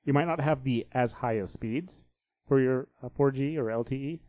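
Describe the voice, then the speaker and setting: A man's voice: medium pitch, moderate pace, dark tone, dry recording, dull audio. A man hosting a casual chat who explains things and steers the talk.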